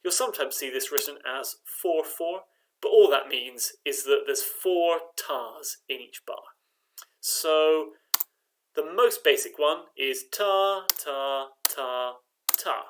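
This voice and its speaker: Slow, patient man teaching rhythm. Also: fairly high pitch, a bit bright. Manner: patient, clapping out rhythms with drawn-out syllables. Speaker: choir director.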